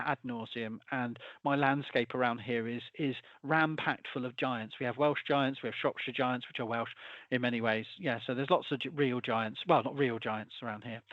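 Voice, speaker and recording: In a casual conversation, a guest folklorist, a man with a medium-pitched voice, rambles along, restarting sentences and chuckling during asides. The recording is dull and dry, with no room sound.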